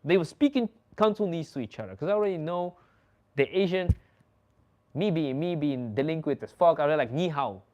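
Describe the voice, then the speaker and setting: A young Dutch man hosts a casual chat, telling stories loosely with plenty of swearing and laughter. His voice is a little high and fairly quick, and the audio sounds dull.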